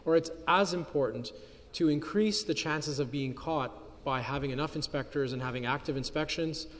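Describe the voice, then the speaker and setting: A man's voice: fairly high pitch, moderate pace. A man asking a polite, long run-on question in a parliamentary debate. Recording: long hall reverb.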